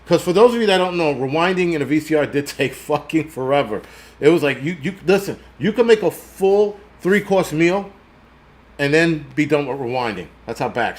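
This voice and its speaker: A middle-aged man hosting a channel in a casual, rambling, profane livestream rant, laughing often and answering chat comments. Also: fairly high pitch. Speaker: prepper channel host.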